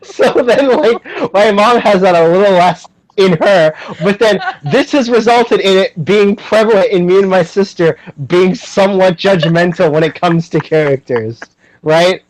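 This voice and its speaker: A man's voice: sits high, measured pace, poor audio. A young man hosting a podcast, chatting casually and animatedly, with lots of fillers and frequent laughter. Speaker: podcast host.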